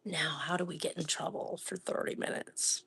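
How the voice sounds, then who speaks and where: A middle-aged woman from Florida chatting casually while cooking in her home kitchen, laughing often and sometimes dropping to a soft half-whisper. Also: lowish voice, fairly even intonation, normal speed, gravelly. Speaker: live-stream cooking host.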